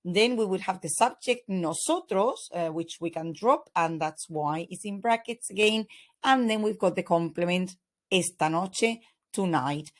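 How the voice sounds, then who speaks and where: A woman's voice: fairly low pitch, measured pace. A woman teaching a Spanish lesson in English, explaining grammar in a patient, methodical way with frequent fillers.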